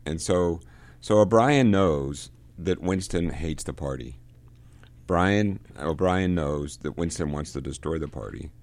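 Man with a super low creaky voice going over a book, stops and restarts a lot. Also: darkish tone. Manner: halting, often repeats words while reading and explaining. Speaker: book discussion leader. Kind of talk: casual spoken book discussion.

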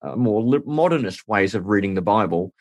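A man hosting a podcast, asking questions in an animated, joking way during a casual discussion. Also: lowish voice, fairly quick, no room sound.

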